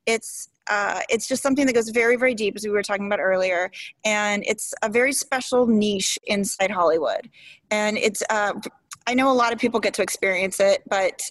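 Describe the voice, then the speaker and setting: A woman soap opera actress in her forties, telling stories in an interview in a chatty, emotional, animated way. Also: medium pitch, a little fast, dry recording, poor audio.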